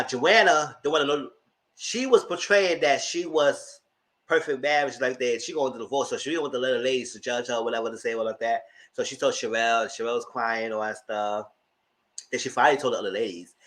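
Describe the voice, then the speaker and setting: A man's voice: medium pitch, quick pace, fairly bright tone. A man recapping a reality TV show in casual, gossipy commentary, talking dramatically to his viewers. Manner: gossipy and dramatic, talks to the audience as "girl". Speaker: TV recap vlogger.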